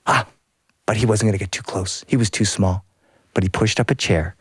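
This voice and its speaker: A male storyteller telling a folk tale in a playful, lively, sing-song way. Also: lowish voice, fairly quick, breathy edge, no room sound. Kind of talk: animated storytelling.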